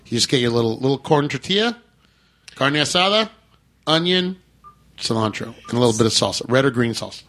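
A man's voice: medium pitch, animated, a bit bright. A man hosting a casual podcast chat, joking and teasing his guests. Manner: joking, teasing, quick banter. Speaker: podcast host.

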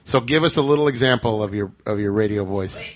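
A man's voice: lowish voice, fast. A man hosting a podcast, chatting casually and teasing his guests. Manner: playful, teasing host. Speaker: podcast host. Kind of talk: casual chat.

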